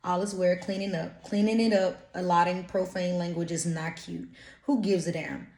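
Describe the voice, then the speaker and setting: A woman's voice: on the low side, level tone, normal speed, vocal fry, darkish tone. Blunt woman, roomy echo. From Louisiana. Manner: blunt, profane, streetwise slang. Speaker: intuitive reader. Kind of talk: casual channeled energy reading.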